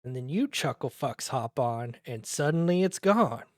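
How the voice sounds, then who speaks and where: Tabletop game master, loose and profane narration, dry sound, mid pitch. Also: lively intonation, moderate pace, a little mellow, no echo. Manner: casual, profane, many fillers and restarts.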